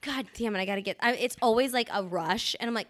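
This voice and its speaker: A woman's voice: fairly high pitch, fast talker. A woman from the Midwest co-hosting a casual podcast, teasing her co-host in wry stories. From Kansas City area, US Midwest.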